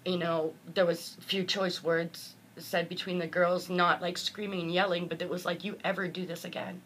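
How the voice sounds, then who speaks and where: In an interview, a woman motivational speaker tells a personal story earnestly and from the heart, acting out the voices of the people involved. Her voice is fairly low and fairly bright, with little pitch movement and a moderate pace, over slight background noise.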